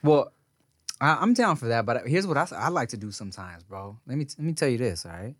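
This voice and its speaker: A man co-hosting a podcast, telling animated stories and acting out the dialogue, swearing freely. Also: mid-range voice, a little fast, no room sound, studio quality. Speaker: podcast co-host. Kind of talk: casual storytelling chat.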